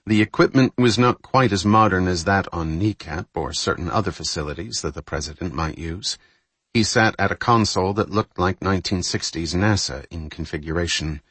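A man reading a thriller novel aloud in measured, scripted audiobook narration. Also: sits low, fairly bright tone, breathy edge, no echo.

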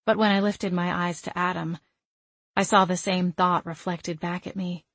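Brief: woman audiobook narrator, somewhat low voice, soft and measured, dry close-mic sound. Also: steady tone, no room sound. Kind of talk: first-person audiobook narration.

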